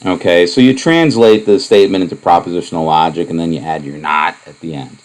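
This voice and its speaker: A man lecturing on propositional logic, explaining in a relaxed, wandering way with many asides and fillers. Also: sits low, brisk, poor audio. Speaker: math lecturer. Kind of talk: recorded lecture.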